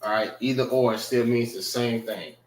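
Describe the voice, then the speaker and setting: A man's voice: mid-range voice, fairly even intonation, reverberant. A man teaching a casual vocabulary class, repeating words and checking in with his listeners. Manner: slow, repetitive, checks in with listeners.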